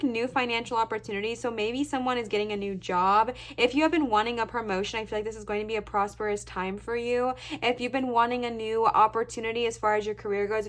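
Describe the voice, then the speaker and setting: A young woman giving a casual pick-a-card tarot reading to camera, chatty and reassuring, often checking in with "okay, bestie?". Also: fairly high pitch. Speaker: tarot reader.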